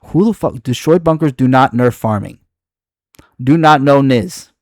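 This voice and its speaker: A man's voice: mid-range voice, measured pace, no echo, clean studio sound. A man reacting to online comments in his video, exasperated and profane, rambling with frequent restarts. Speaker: video creator.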